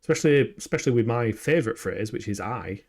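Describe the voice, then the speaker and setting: A man's voice: mid-range voice, fast, darkish tone, a little hiss or hum. A man from England with a Yorkshire accent, giving jokey, chatty live commentary while playing a video game and answering chat questions. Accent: Yorkshire English. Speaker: gaming streamer. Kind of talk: live let's-play commentary.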